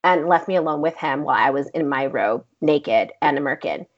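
A woman and actress, the guest in an interview, telling a story in a blunt, profane, animated way. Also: deep voice, brisk. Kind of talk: casual storytelling. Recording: dull lo-fi recording.

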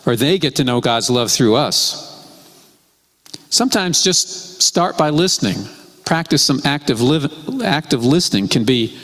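Man, preacher, sermon, slow measured delivery, repeats key phrases, long hall reverb. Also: on the high side, fairly bright tone.

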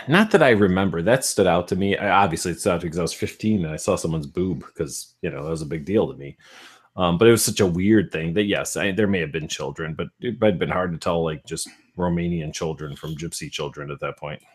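A man's voice: sits low, brisk, slightly rough. A man co-hosting a casual podcast, telling stories with a joking, wisecracking manner. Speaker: podcast co-host.

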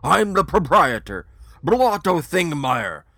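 Man playing a bossy old chinless cafe owner, slow, gravelly, barking orders. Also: fairly high pitch, sing-song, dry recording, pitched above the performer's own voice, heavily acted. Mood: scolding. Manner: loud, scolding, shouting.

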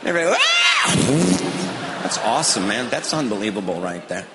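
A middle-aged man doing stand-up comedy on stage with a deadpan drawl, now and then slipping into mocking voices. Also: on the low side, rapid-fire, noisy background. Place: large hall on stage. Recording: roomy, long hall reverb, audience ambience.

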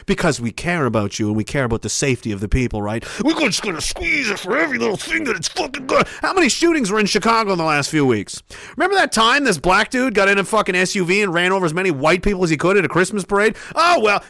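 Guy streaming, high bright voice, ranting and cussing, goes from low sneer to yelling. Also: gravelly, no echo, studio quality. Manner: swings from low sneering mutter to loud shouting; heavy swearing, repeated hammering phrases. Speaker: livestream host. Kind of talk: angry profane rant.

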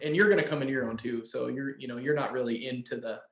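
A man in his thirties chatting loosely about raising his kids, his sentences wandering and restarting. His voice sits at an ordinary middle pitch. The recording has a noticeable roomy echo. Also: quick pace, fairly bright tone. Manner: rambling, lots of fillers and restarts. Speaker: podcast co-host. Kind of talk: casual podcast chat.

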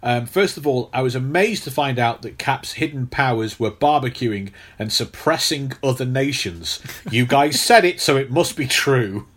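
A man's voice: mid-range voice, animated, moderate pace, few pauses, fairly bright tone. A man co-hosting a podcast, teasing his co-host in casual banter.

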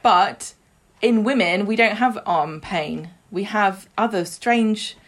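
A woman's voice: mid-range voice, slow. A woman co-hosting a podcast, animatedly retelling soap scenes and mimicking the characters, laughing often. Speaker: podcast co-host. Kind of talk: casual chat recapping a soap.

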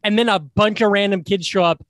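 High-voiced man rambling through a story. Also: fairly quick, a bit bright, no echo. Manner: rambling storyteller with many restarts. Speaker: podcast co-host. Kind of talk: casual chat.

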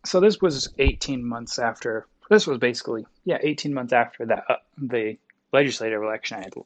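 A man's voice: medium pitch, fairly quick. A young man from Wyoming, telling a story as an interview guest in a folksy, rambling way with many self-corrections.

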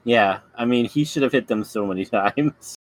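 A man's voice: mid-range voice, normal speed, no room sound, poor audio. A man chatting casually on a podcast, giving short agreeing replies. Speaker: podcast co-host. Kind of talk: casual chat.

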